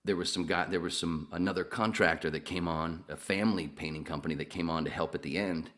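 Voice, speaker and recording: Deep-voiced man telling rambling stories. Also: steady tone, quick pace, a bit bright. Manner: rambling, profane, laughs while telling stories. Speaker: podcast host. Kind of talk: casual storytelling chat.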